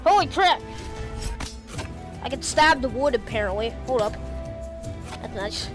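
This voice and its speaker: A woman giving casual commentary while playing a VR sword game, excitable and prone to sudden yelps. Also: on the high side, a little slow, long pauses. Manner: excitable, bursts of yelps and exclamations. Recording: game music playing behind the voice. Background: game music.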